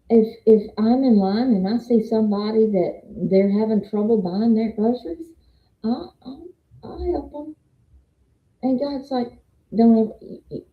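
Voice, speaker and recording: Older southern lady talking faith, slow and rambly, echoey dull recording. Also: mid-range voice. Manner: slow, rambling, testimony-style with scripture. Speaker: faith vlogger and meeting moderator. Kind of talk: casual faith talk. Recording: roomy, dull lo-fi sound.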